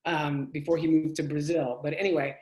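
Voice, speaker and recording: A man interviewing a guest over a video call, animated and quick to laugh. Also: on the high side. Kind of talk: casual video-call conversation. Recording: echoey room on a video call.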